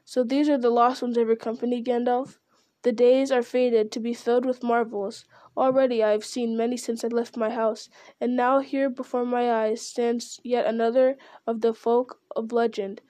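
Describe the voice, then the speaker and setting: A woman's voice: fairly high pitch, flat delivery, moderate pace, warm tone, no room sound, natural voice. A woman reading a stately older male king, formal and courtly.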